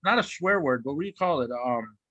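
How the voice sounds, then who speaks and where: Lively bright-voiced joking man. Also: a little high, fairly quick, no echo, lo-fi sound. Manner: loose, jokey, swears freely. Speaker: podcast co-host. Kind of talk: casual chat. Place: home studio.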